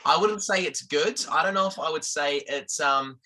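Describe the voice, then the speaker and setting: A man's voice: fairly high pitch, moderate pace, bright, forceful tone. A man chatting as an interview guest over a video call, rambling and self-deprecating, laughing easily.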